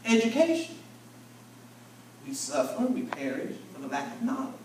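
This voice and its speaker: High-voiced bishop preaching in an echoing hall. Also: male voice, wildly swooping pitch, moderate pace, darkish tone. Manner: folksy, vernacular, call-and-response with the congregation. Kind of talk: conversational sermon teaching. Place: large church convention hall. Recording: echoey hall from far off, faint room noise.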